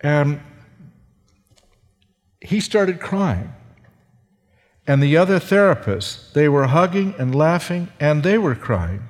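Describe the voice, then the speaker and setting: A man, a seminary professor, giving a sermon testimony in a slow, halting way with fillers and restarts. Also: a little high, big pitch swings. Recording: long hall reverb.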